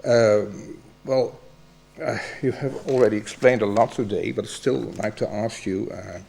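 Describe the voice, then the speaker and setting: Gravelly male examiner. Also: on the low side, steady tone, a little mellow. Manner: halting, hesitant, many fillers. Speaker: examiner at a doctoral defense. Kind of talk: formal academic questioning.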